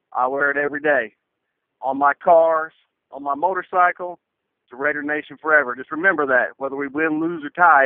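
A man with a slightly high voice calls in over a dry, tinny phone line. He speaks defiantly and passionately about staying loyal to his team. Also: dry recording. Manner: defiant, loyal fan declarations. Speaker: caller. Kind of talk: fan call-in rant.

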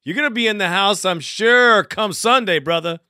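A man hosting a fan call-in show, animated and fired up, swearing freely. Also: high-pitched, normal speed, heavy background noise. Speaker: host.

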